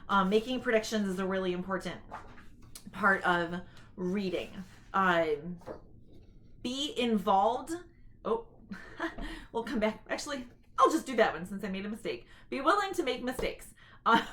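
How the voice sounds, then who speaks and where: A woman's voice: medium pitch, animated, fairly bright tone. A woman giving an informal talk to camera, sharing tips on reading aloud to children in a chatty, explanatory way. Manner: chatty and explanatory, with quick read-aloud demonstrations.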